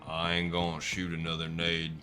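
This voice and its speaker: A man putting on a gruff, deep-voiced old cowboy with a slow gravelly drawl. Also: completely flat delivery, lightly acted. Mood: menacing. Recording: loud game music behind.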